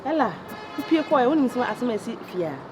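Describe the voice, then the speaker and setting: An actress with a Ghanaian accent playing a young woman friend who gossips quickly and exclaims in Twi. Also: a little high, very animated, over music. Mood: gossiping. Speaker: actress in a Kumawood film. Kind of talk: dramatic film dialogue.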